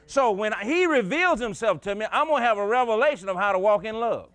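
High-pitched preacher man, folksy storytelling sermon, chuckles a lot. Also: expressive, a little fast, hardly any pauses, a bit bright, no room sound.

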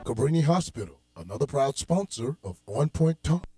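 A man announcing brief sponsor tags for the station in a steady, plain way. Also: medium pitch, normal speed, loud music behind the voice.

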